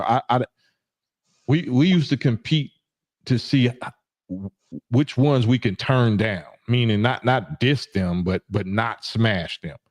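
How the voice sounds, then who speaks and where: A man's voice: mid-range voice, a little mellow, no room sound. A man hosting a livestream in casual chat, rambling and often saying "you know what I'm saying". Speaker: livestream host.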